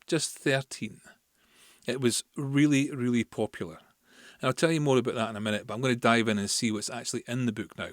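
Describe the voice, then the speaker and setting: A Scottish man hosting a podcast talks through a history topic in a voice of ordinary pitch, with fairly even intonation and a fairly quick pace. His casual, chatty explanation is full of asides and fillers, and the recording is dry and close with no room sound.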